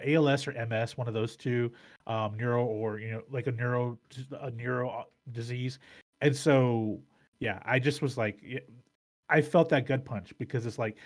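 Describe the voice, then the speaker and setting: A man hosts a casual podcast, talking through his thoughts in long rambling runs. He restarts sentences often and swears freely. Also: medium pitch. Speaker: podcast host.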